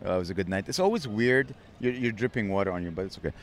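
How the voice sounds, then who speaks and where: A man's voice: lowish voice, racing, slight background noise. A man co-hosting a comedy podcast, teasing his partner and cracking crude jokes in casual chat outdoors. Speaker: podcast co-host and stand-up comedian. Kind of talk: casual banter. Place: outdoors in a park.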